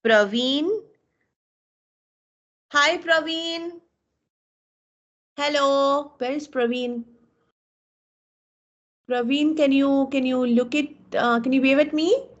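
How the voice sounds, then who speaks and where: A woman's voice: sits high, steady tone, slow, long pauses, a bit bright. Effusive woman teaching an online class. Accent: Indian English. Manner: encouraging, effusive praise, calls out names. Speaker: webinar instructor. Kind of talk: live online class, reviewing student work. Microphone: video call. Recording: dull lo-fi video call audio.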